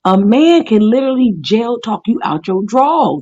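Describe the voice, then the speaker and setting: A woman's voice: on the high side, very animated, normal speed, mellow, a little hiss or hum. A woman co-hosting a podcast in casual chat, blunt and emphatic with slangy phrasing. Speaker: podcast co-host. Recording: dull lo-fi recording.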